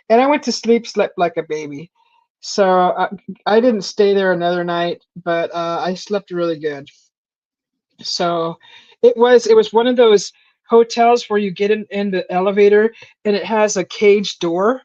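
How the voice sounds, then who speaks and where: A woman in casual chat, rambling through a story and acting out quotes in a higher voice, on a stream mic. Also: normal speed, a little mellow, no room sound. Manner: rambling storyteller, acts out quotes with a high voice and laughs. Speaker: stream host. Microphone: streaming call mic. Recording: dull lo-fi stream audio.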